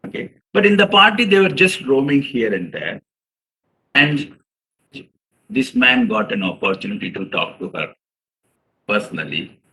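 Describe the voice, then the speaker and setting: A man's voice: mid-range voice, sing-song, normal speed, pauses often, bright, forceful tone, poor audio. A man giving an earnest seminar lecture to fellow chartered accountants, telling stories and calling his listeners "sir". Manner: earnest, addresses audience as "sir", acts out quotes.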